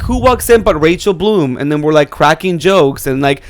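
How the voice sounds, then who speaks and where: A man co-hosting a podcast in casual chat, talking fast and loose with lots of "like" and swearing as he gives advice. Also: fairly high pitch, animated. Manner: chatty, profane, giving advice with lots of "like". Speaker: podcast co-host. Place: New York City.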